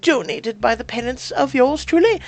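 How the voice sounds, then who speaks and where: A woman's voice: sits high, normal speed, soft background music, voice pushed up. A woman voicing an arrogant, sneering rich young male student with a cold, menacing manner.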